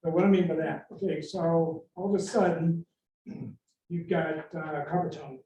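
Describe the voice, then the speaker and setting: A middle-aged man, an inventor giving a lively storytelling talk that acts out the quoted voices, heard from a distance in an echoey room. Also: on the high side, unhurried, muffled recording.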